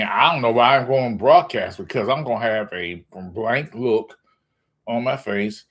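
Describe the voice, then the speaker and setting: A man talks in a loose, profane sports rant to his viewers. His voice sits in a middle pitch but shoots up into high, incredulous exclamations as he gets worked up. He sounds like a casual vlogger speaking straight to his audience. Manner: animated ranting, profane, jumps to high exclamations. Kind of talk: ranting casual monologue.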